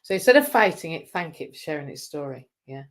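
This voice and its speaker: A woman hosts a live stream in a rambling, casual monologue. She is chatty and self-mocking and laughs often. Her voice sits low. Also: sing-song, fast.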